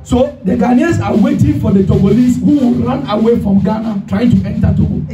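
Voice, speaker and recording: A pastor preaches a sermon in a very high-pitched, slightly fast voice, speaking emphatically and having the congregation repeat after him. The recording is echoey, from a distant mic in a hall, with music in the background.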